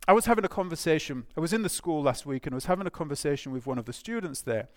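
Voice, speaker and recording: A man preaching a sermon, animated and emphatic, with rhetorical questions and restarts. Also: a little high, rapid-fire, no room sound, studio quality.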